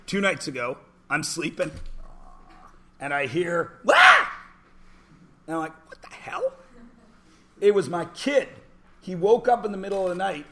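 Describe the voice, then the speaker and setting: A man in his forties teaching a math class, chatty and joking, asking the class questions in between. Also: sits high. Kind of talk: classroom lecture with anecdotes.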